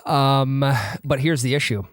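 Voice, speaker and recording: Young male podcast co-host, mid-pitched and animated, close dry mic, casual and boastful storytelling. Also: a little slow, no echo. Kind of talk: casual chat.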